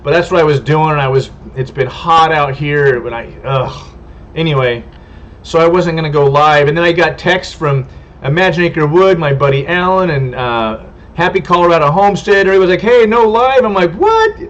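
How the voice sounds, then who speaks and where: The audio is dull, lo-fi stream sound as a man from California runs a relaxed homestead livestream, chatting through viewer comments. He speaks at a moderate pace in a somewhat high, slightly bright voice, friendly and rambling, and he stumbles over names.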